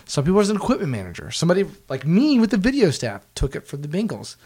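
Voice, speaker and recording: A man's voice: a little high, quick pace, husky. A man telling a work story in casual chat, swearing freely and laughing as he talks. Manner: profane, laughing, animated storyteller. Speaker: guest, former team video staffer.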